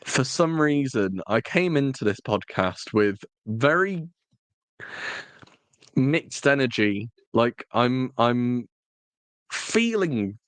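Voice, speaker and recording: A man's voice: medium pitch, animated, slow pace, fairly bright tone, clear, resonant tone, dry recording. A man co-hosting a podcast in casual chat, rambling and correcting himself with jokes. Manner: rambling, self-correcting, jokey. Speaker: podcast co-host.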